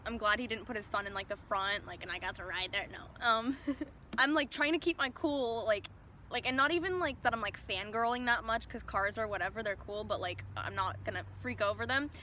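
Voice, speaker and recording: Bright-voiced young woman telling a story. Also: mid-range voice, a little fast, a little hiss or hum. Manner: chatty, peppers speech with "like". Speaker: vlogger. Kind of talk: casual storytime.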